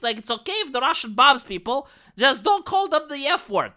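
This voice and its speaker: A woman's voice: high voice, sing-song, moderate pace, hardly any pauses, sharp tone. A young woman streamer giving blunt, sweary casual commentary with lots of restarts, from Romania.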